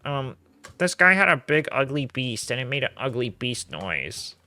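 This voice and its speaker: A man's voice: medium pitch, very animated, normal speed, bright, forceful tone. A man putting on the voice of a whiny, disgusted man who hates dogs, in a mocking, exaggerated tone.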